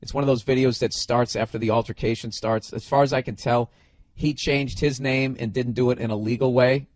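With a mid-range voice and a slightly quick pace, a middle-aged man hosts a podcast, telling loose stories and casual rants. He's animated and swears heavily, frequently restarting his sentences.

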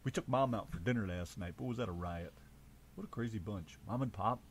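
A man's voice: on the low side, fairly quick, a little hiss or hum. An American man co-hosting a casual radio show, joking, swearing freely and hamming up a mock British voice.

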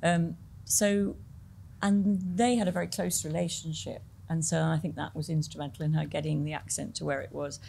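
A middle-aged woman speaks as a guest in an interview. Her low-pitched voice has a gravelly edge, and she talks in a loose, chatty way, joking at her own expense. A faint background hum sits under the talk. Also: level tone, moderate pace, mellow. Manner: chatty, self-deprecating, laughs often, many fillers and restarts. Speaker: film director, guest. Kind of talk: conversational Q&A interview.

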